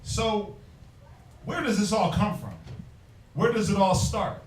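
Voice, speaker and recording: A man's voice: sits high, takes it slowly, pauses often, slight background noise. A man leading a religious group discussion, talking in a preachy but conversational way and quoting scripture. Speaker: group teacher. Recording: roomy sound from a distant mic.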